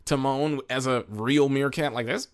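A man's voice: mid-range voice, moderate pace. A man co-hosting a casual podcast, giving rambling, opinionated takes with many restarts. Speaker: podcast co-host. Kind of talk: casual chat.

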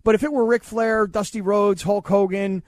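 A man's voice: high-pitched, steady tone, normal speed, no echo. A man co-hosting a casual chat show from a remote spot, joking and teasing. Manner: teasing, jokey, mock-dramatic. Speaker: co-host. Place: remote, not in the studio.

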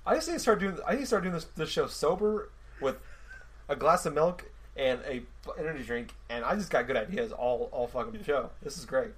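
A man's voice: medium pitch, expressive, a little fast, a bit bright, breathy edge. A man hosting a casual podcast, rambling, swearing and laughing as he goes. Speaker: podcast host. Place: home room next to a mini fridge.

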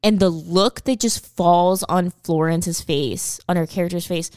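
A woman's voice: lowish voice, darkish tone, clean tone, dry recording, clean studio sound. A woman chatting casually about a film, gushing and talkative, with many "like" fillers. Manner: gushing and chatty, heavy use of "like", quick laughs.

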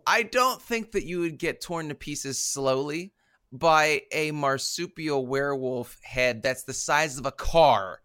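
A man's voice: on the high side, measured pace, fairly bright tone, smooth. A man co-hosting a casual movie podcast, playful and wry, sometimes drawing out his words. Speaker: podcast co-host. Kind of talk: casual movie review chat.

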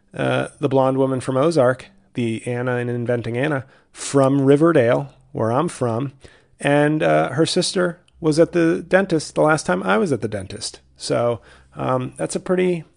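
A man's voice: on the high side, creaky, darkish tone. A man hosting a podcast in a casual, rambling comedic monologue that often breaks off and restarts. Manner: rambling, self-interrupting. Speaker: podcast host.

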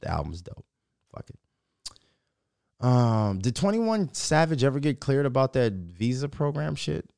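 A man's voice: mid-range voice, big pitch swings, measured pace, gravelly, long pauses, darkish tone, smooth, no room sound, clean studio sound. A man hosting his own solo podcast, ranting in a profane, rambling, opinionated way. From Minnesota. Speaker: podcast host. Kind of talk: casual solo podcast rant.

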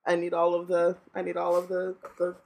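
A woman's voice: on the low side, monotone, brisk, creaky, a little mellow. A woman in casual chat, answering with short reactions and playful slangy quips. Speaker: podcast co-host.

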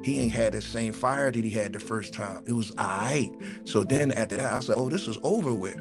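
A man, co-hosting a podcast and telling a long story in an animated way, repeating words and swearing freely. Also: lowish voice, a little fast, gravelly, music in the background. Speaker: podcast co-host. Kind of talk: casual storytelling chat.

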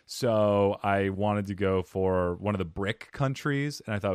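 A man hosting a podcast, chatting in a relaxed, self-deprecating way. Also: on the low side, measured pace, clean tone, no room sound, clean studio sound. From United States. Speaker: podcast host. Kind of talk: casual chat.

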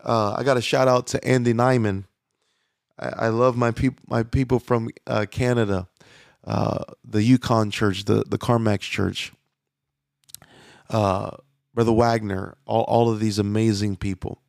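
A man's voice: lowish voice, level tone, unhurried, gravelly, dry recording, clean studio sound. A man preaching as a pastor, talking conversationally with frequent restarts and fillers. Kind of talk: sermon.

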